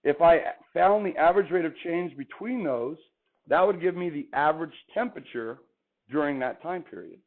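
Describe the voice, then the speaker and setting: A man's voice: on the high side, expressive, moderate pace. A male math teacher lecturing a classroom, chatty and quizzing the students as he goes. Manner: chatty, asks the class questions. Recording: tinny phone-like classroom recording.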